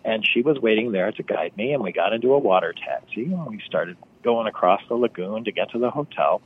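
A man's voice: on the low side, animated, brisk, slightly rough. Man, travel writer, wry storyteller, dull lo-fi line. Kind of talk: phone-in radio chat. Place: on location outdoors by phone.

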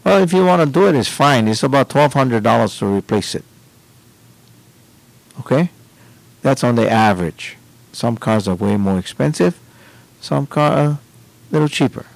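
A man hosting a radio show and explaining things to listeners in a deliberate way. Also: medium pitch, animated, creaky, no echo, rough recording. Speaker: radio host. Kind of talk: radio advice talk.

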